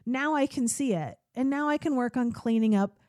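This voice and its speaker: A woman's voice: a little high, moderate pace, a little mellow, no echo, studio quality. A woman hosting her own podcast, talking candidly and chattily about her therapy, laughing often and tearful at times. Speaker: podcast host. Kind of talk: personal solo podcast talk.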